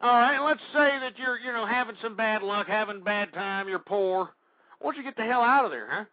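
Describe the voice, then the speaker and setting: A man's voice: high voice, a little fast, no echo, lo-fi sound. A man hosting a radio talk show, ranting angrily in political commentary and hurling insults, a little out of breath. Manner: angry ranting, shouting insults. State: out of breath, sweating.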